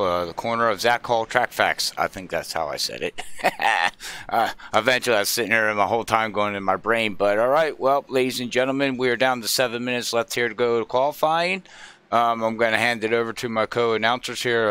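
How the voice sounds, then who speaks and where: A man hosting an online racing broadcast. He keeps things loose and chatty and laughs at his own slips. His voice is smooth and clear. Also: on the low side, sharp tone. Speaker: broadcast host.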